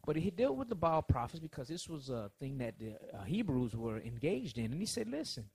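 A man preaching a sermon, swinging between soft lines and loud ones as he acts out quotes. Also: medium pitch, very animated, a little fast, gravelly, hardly any pauses, husky, dry recording.

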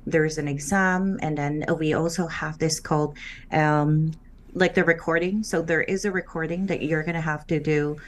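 As an interview guest, this former call center agent speaks in a low, steady tone. She is Filipino, a native Filipino speaker from the Philippines, and her conversational answers are earnest and unhurried, broken by filler pauses.

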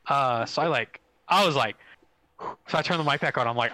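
A young man co-hosting a casual gaming podcast, telling stories excitedly with lots of fillers. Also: mid-range voice, low-quality recording. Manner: excitable, fast storytelling with swearing and many fillers. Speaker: podcast co-host.

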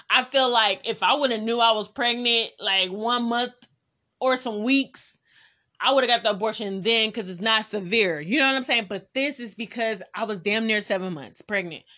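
A young woman with a Bay Area accent, hosting a podcast and telling a personal story in a candid, animated way, talking straight to her listeners. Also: fairly high pitch, moderate pace. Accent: San Francisco Bay Area. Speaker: podcast host. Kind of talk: casual storytelling.

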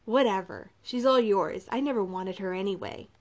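A woman's voice: mid-range voice, normal speed, close to an everyday voice. A woman voicing a cruel, mocking male captor in a storybook reading, taunting and menacing. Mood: scornful.

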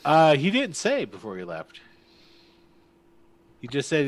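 A man's voice: a little high, wildly swooping pitch, unhurried, long pauses. A man narrating as game master in a rambling, laugh-prone way.

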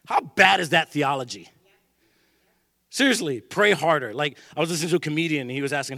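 A male pastor preaching a sermon in a church, animated and joking, acting out the voices of people he quotes. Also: a little high, a little fast, vocal fry, no room sound, studio quality.

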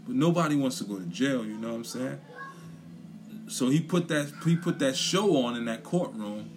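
A young man gives a blunt, profane opinion rant in casual chat, repeating his points for emphasis. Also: mid-range voice. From Brooklyn, New York. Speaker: commentator.

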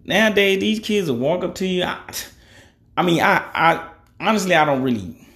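This podcast host, a man in his thirties, has a high, slightly bright voice with lively intonation and a moderate pace. He airs his opinions bluntly in a conversational monologue, swearing freely and filling gaps with "you know."

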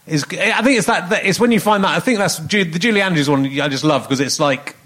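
A man hosting a casual comedy interview podcast, rambling and self-mocking, with lots of halting restarts. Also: sits high, sharp tone. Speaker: podcast host. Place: live audience venue.

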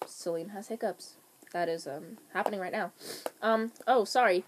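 A woman's voice: medium pitch, normal speed, a little hiss or hum. A woman hosting a casual chat among friends, playful and rambling, with frequent ums. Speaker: podcast host.

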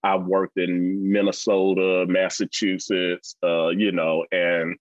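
A man in his forties with a Mississippi accent, a guest in a casual interview who tells stories bluntly and talks fast. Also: low voice, no echo. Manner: blunt, animated storyteller, fast-talking. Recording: dull lo-fi dry recording.

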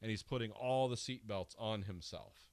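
A man's voice: on the low side, moderate pace, gravelly, no room sound. A man co-hosting a podcast, talking about a film with enthusiasm and acting out jokey lines. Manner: enthusiastic, acts out bits of dialogue in jokey voices. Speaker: podcast co-host. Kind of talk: casual film discussion.

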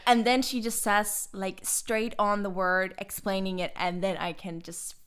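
A woman's voice: mid-range voice, unhurried, clear, resonant tone. Candid woman podcast host. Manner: candid, animated storytelling, swears casually. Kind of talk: casual podcast chat.

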